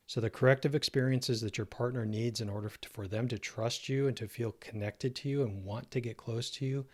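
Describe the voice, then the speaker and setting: A man coaching listeners on relationships, speaking calmly and laying out his points step by step. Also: medium pitch. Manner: calm, measured, explains step by step. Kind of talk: instructional self-help talk.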